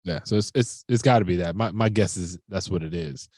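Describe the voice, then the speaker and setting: Middle-aged podcast dude, low-ish voice, calm and measured, dry close sound. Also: male voice, no echo. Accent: Miami. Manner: measured, explains and asks follow-up questions. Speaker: podcast co-host. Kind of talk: casual chat.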